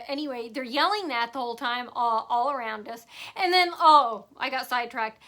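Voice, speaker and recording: A woman's voice: on the high side, bright, forceful tone. A woman telling a rambling personal story to camera, sarcastic and full of fillers and asides. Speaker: vlogger.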